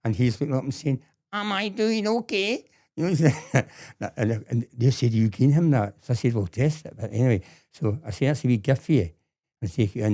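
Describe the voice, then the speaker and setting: Animated older man, mellow voice. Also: mid-range voice. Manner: animated storyteller acting out quotes, repeats words. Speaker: guest. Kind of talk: casual storytelling interview.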